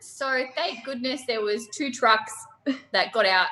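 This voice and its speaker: A young woman, telling a lively, laughing anecdote over a video call. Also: fairly high pitch, unhurried, slight background noise, low-quality recording. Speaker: storyteller guest on a video call.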